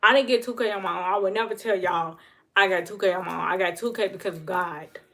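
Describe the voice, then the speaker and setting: A woman's voice: mid-range voice, fast, vocal fry, fairly bright tone. A woman giving an earnest, emotional talk about faith to viewers on her livestream. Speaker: livestream host. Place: home livestream.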